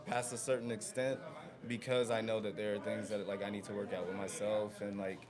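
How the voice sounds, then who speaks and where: A man's voice: lowish voice, little pitch movement, a little fast. A man co-hosting a casual podcast who talks hesitantly, with many fillers. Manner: hesitant, full of fillers, often agrees with short replies. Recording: voices of a crowd behind him.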